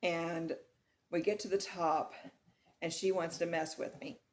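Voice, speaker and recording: A middle-aged woman from Texas chatting casually in a vlog, retelling a nightmare with laughs and animated swings. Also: lowish voice, measured pace. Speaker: vlogger.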